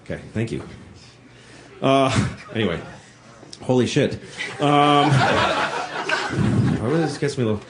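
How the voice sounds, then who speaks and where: A man's voice: medium pitch, takes it slowly, pauses often. A man doing a live stand-up routine on a club stage, blunt, profane and sarcastic as he works the crowd. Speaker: stand-up comedian. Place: comedy club stage with audience. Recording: noisy live room with crowd.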